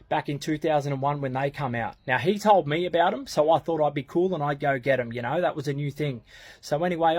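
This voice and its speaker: Husky, slightly high-pitched Australian bloke in his thirties, crude and blunt, telling a story off the cuff. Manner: swearing, slang-heavy, blunt. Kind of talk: casual storytelling.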